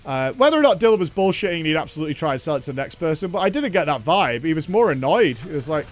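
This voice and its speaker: A man chatting casually with his live-stream chat, telling a story with lively, acted-out dialogue and casual swearing. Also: fairly high pitch, fast talker.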